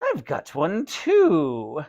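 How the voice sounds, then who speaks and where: A man's voice: fairly high pitch, wildly swooping pitch, very slow, darkish tone, lo-fi sound, pitched above the performer's own voice, exaggerated voice. Man voicing Slappy, a screeching evil dummy. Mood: gleeful. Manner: screeching, mocking, gleeful. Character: cackling evil male ventriloquist dummy.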